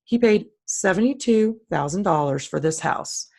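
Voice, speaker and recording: A woman with a low-pitched voice talks casually and bluntly. She walks through listings on screen, opinionated and plain-spoken. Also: lively intonation, normal speed, creaky, darkish tone. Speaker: co-host. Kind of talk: casual screen-share commentary.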